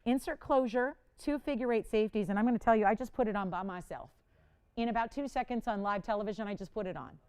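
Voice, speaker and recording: A woman hosting a live jewelry auction on TV, chatty and animated, playfully dramatic as she talks to callers and crew. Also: on the high side, quick pace, clean tone. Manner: dramatic, playful self-mocking. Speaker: live shopping host. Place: TV studio.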